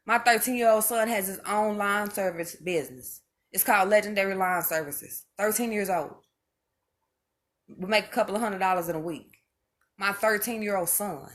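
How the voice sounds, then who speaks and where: A mother speaks directly to her viewers in an impassioned monologue, emphatic and preachy, repeating each point to drive it home. Her voice is medium in pitch and moves at a normal speed.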